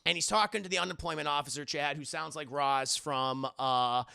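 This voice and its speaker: A man streaming live who recaps a movie in an animated, profane way, laughing often. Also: fairly high pitch, normal speed, creaky, smooth.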